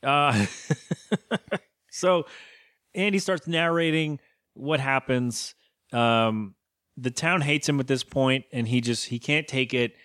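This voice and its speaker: A man's voice: mid-range voice, slow pace, pauses often, a bit bright, dry recording, clean studio sound. Rambling male podcast co-host. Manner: rambling, self-interrupting storytelling. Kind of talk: casual chat, recapping a cartoon episode.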